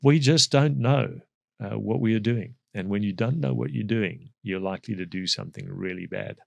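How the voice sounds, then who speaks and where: A middle-aged man with a South African accent, speaking as an energy expert in a podcast interview, measured and explanatory with frequent fillers. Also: on the low side, fairly even intonation, gravelly, darkish tone, no room sound.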